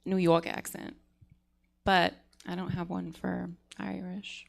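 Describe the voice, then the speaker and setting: A woman with a low, gravelly voice bantering on a live comedy panel. She is chatty and self-assured, and she rambles through her points. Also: level tone, slow.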